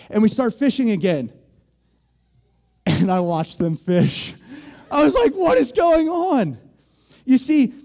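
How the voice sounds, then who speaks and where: Joking young preacher, high mellow voice. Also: male voice. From Pennsylvania. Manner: joking, storytelling, self-deprecating. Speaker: pastor. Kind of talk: sermon.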